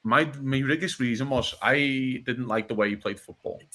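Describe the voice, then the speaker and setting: A man chats about football as a podcast co-host. His voice is bright and forceful. He talks bluntly and with animation, swears freely and keeps checking that you follow. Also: medium pitch, normal speed. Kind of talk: casual football chat.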